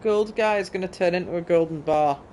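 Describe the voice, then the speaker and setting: A woman's voice: on the low side, a little fast, darkish tone, a little hiss or hum. A woman with a northern English accent, a streamer chatting casually while playing and reading game text aloud. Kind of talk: casual gameplay chat.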